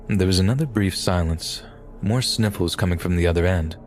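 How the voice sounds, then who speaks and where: A man narrating a true scary story in a grave, measured way. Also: low-pitched. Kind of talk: scripted horror story narration. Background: faint music.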